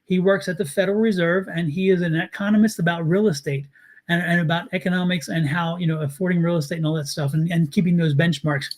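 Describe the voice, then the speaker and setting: A man from Baltimore with a Baltimore accent, a tarot reader and co-host telling stories in casual, animated chat on a live stream. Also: a little high, fast. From Baltimore, United States. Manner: chatty animated storyteller.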